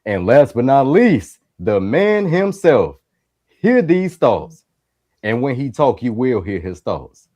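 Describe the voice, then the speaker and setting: A man's voice: medium pitch, sing-song, slow, mellow. Easygoing man with a Chicago accent. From Chicago, USA. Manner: easygoing, playful, repeats himself. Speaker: co-host. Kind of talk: casual podcast chat.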